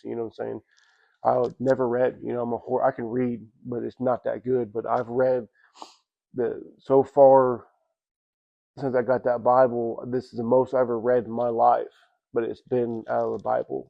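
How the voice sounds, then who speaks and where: A man with a gravelly, flat-toned voice shares his personal testimony in a church. He rambles and restarts often, speaking in a loose, everyday way. The recording sounds dull and lo-fi. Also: medium pitch. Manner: rambling, halting storytelling with many restarts; casual, repeats "you know what I'm saying". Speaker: church member giving testimony.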